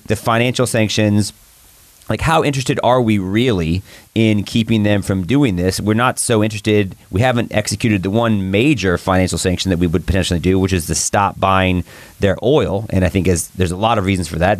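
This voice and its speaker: Low-voiced man talking politics, dry sound. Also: a little fast, no echo. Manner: rambling, self-correcting, laughing. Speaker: guest commentator. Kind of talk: political talk show discussion.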